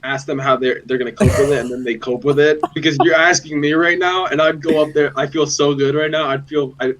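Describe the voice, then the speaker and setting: A man's voice: on the high side, fairly even intonation, fairly quick, fairly bright tone, slight background noise, low-quality recording. A young man co-hosting a podcast, talking in a laid-back, rambling, slangy way. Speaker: podcast co-host. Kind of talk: casual chat.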